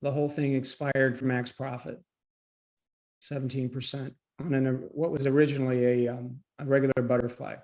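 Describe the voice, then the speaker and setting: A man coaching traders on a live online call, chatty and often clearing his throat. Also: mid-range voice, level tone, moderate pace, a little mellow. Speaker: trading coach. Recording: dull lo-fi call audio.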